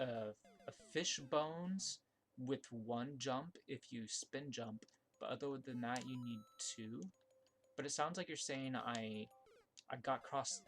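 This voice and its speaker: On a live stream, a man plays levels made by viewers and chats casually, thinking out loud with fillers and restarts. Surprises make him yelp in bursts of high excitement.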